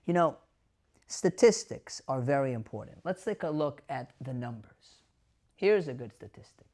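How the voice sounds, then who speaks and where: A man's voice: mid-range voice, expressive, normal speed, darkish tone. A man, a physician, telling an emotional story straight to camera in an earnest way, often asking the viewers questions. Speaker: dementia care physician.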